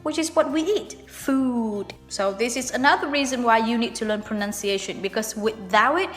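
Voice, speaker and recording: In a casual video lesson on English pronunciation, a young teacher from Vietnam, a native Vietnamese speaker, patiently walks through examples and slows to repeat words. Her voice is fairly high and rings with long reverb over faint music underneath.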